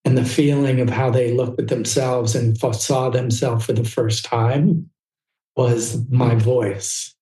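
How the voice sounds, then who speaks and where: A man's voice: medium pitch, dark tone, echoey room, low-quality recording. A middle-aged man from Southern California, telling his story as a podcast guest in a candid, rambling way. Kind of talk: casual storytelling interview.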